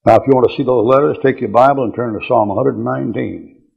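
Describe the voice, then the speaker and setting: An older man with a drawl teaches scripture, blunt and folksy, tossing out chuckling asides. His voice is gravelly and a little husky at a middling pitch. It comes through a dull, muffled old lecture tape. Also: fast talker. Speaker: preacher.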